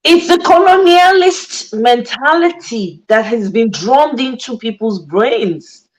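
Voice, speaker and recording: A woman's voice: on the high side, slow pace, rough recording. A woman from Nigeria with a Nigerian accent, hosting a casual panel discussion and slipping into Pidgin phrases. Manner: animated, slips into Pidgin. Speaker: host.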